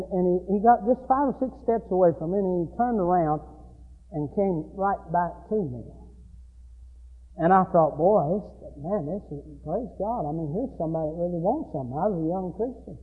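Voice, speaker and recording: A man preaching. He swings from loud, shouted passages down to hushed asides. His voice sits very high and comes through a thin, phone-like recording. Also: slightly rough. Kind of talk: sermon. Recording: tinny phone-like sound with long hall echo.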